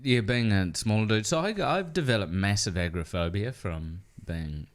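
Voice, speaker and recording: A man with a New Zealand accent chats casually in a podcast studio, slightly low in pitch. He tells stories with energy and acts out the people in them. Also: moderate pace. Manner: animated storytelling, swearing, acting out quoted people. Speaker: comedian guest. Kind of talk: casual chat.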